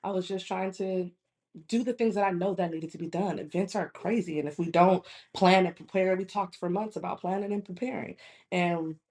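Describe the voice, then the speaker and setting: A woman's voice: lowish voice, a little fast. A woman in her thirties telling a story in casual conversation, acting out what others said. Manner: animated retelling, acting out quoted voices. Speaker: guest in a conversation.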